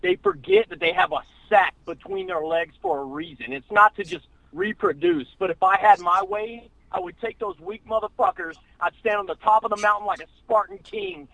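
A man holds forth on a podcast in a boastful, profane comic rant, all macho bluster. His voice sits high for a man and crackles with gravel. The sound is close and dead dry. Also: pushed and bright, no room sound. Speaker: podcast co-host.

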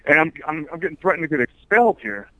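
Fast, rambling male veteran caller. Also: on the high side, very animated, a bit bright, no echo, rough recording. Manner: rambling, aggrieved storytelling. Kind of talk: call-in to a radio show.

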